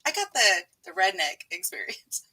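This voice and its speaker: Bright-voiced giggly Texan woman. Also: medium pitch, huge pitch swings, moderate pace, husky. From Texas. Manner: giggly, chatty, frequent laughter. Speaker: livestream host. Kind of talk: casual live-stream chat.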